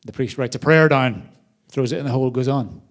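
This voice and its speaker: A man addresses a crowd from a theater stage at a charity gala. His voice sits at an ordinary pitch, and he tells stories with energy, getting loud for punchlines and dropping soft for thank-yous. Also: brisk. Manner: animated storyteller, varied loudness. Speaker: charity host. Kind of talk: live event speech.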